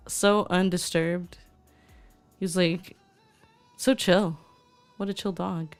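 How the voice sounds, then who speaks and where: A woman's voice: on the low side, a little slow, pauses often, soft background music. A young woman VTuber chatting casually on stream, gushing and reading chat aloud.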